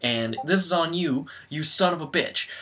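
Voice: medium pitch, normal speed, a bit bright. Sarcastic, swearing podcast co-host. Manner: profane, sarcastic, laughs often. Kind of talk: casual movie recap chat.

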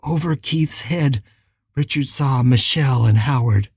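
A woman narrating an audiobook in a measured, emotive way, read close to the mic. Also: extremely low pitch, a little mellow, husky, no room sound.

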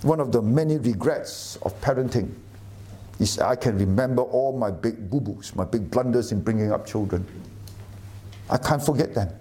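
A man's voice: medium pitch, moderate pace, mellow. A middle-aged man preaching a sermon, emphatic and often asking the audience questions. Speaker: pastor.

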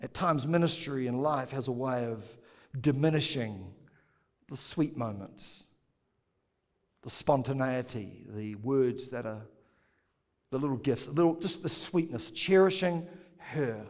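A man's voice: mid-range voice, unhurried, long pauses, darkish tone, in a large hall. A male pastor preaching a sermon, playful and joking with the congregation, drawing them in to repeat words back.

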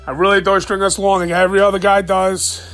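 A man hosting a solo sports fan podcast late at night, excited, profane and rambling as he rants. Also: high-pitched, fast, faint music behind. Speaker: podcast host.

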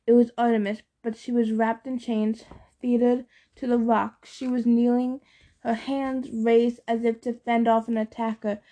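A woman reading a fantasy novel aloud, narrating in first person and voicing the characters' shouted lines. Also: little pitch movement, a little slow. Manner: acts out dialogue with louder, higher shouts. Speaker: audiobook reader.

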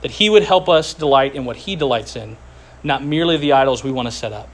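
A man preaching a sermon as pastor, earnest, slowing down to stress key words, speaking to a group seated at tables. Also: mid-range voice, expressive. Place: room with tables, group gathering.

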